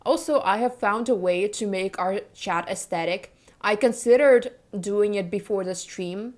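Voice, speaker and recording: A young woman chatting to her live stream audience in a loose, rambling way. She giggles often, trails off and restarts her sentences while she talks. Her voice sits at an ordinary pitch for a woman. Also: unhurried, darkish tone. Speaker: VTuber streamer. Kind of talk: casual chat with live stream viewers.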